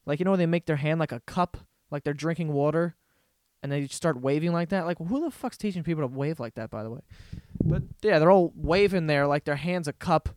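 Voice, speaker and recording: A man's voice: a little high, brisk, a little mellow, dry recording. A man hosting a solo podcast, telling stories in a rambling, profane, laughing way. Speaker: podcast host. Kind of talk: casual solo podcast rant.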